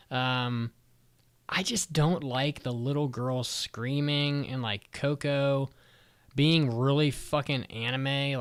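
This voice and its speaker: A man co-hosting a podcast, chatting casually with blunt, profane opinions and lots of filler words. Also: medium pitch. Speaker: podcast co-host. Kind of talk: casual chat.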